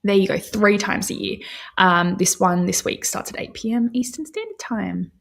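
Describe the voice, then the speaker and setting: A woman's voice: mid-range voice, animated, normal speed, creaky. A young woman hosting a livestream from home, chatting casually with viewers in a rambling way with lots of fillers. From Australia. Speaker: livestream host.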